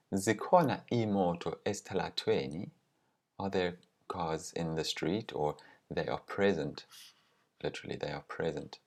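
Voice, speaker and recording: In a low, slightly mellow voice, a man explains language grammar, offering example phrases that he articulates slowly and with care.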